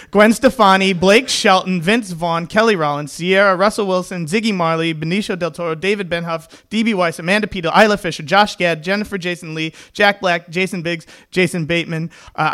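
A man's voice: high-pitched, pushed and bright. A young man with a tenor voice telling comic stories on a small stage, with wry, self-mocking delivery. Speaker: storyteller. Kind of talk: comedic live storytelling. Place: small stage venue before an audience.

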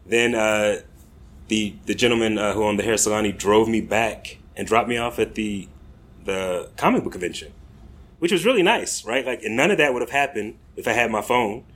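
A man's voice: fairly low pitch, lively intonation, normal speed, fairly bright tone. An American man telling a rambling comic story on a comedy club stage, casual and laughing at his own tale. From United States.

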